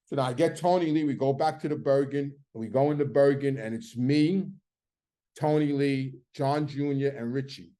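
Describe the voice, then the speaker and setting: A man's voice: mid-range voice, normal speed. A middle-aged man telling a story casually, acting out the arguments he quotes. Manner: animated, acts out quoted arguments loudly.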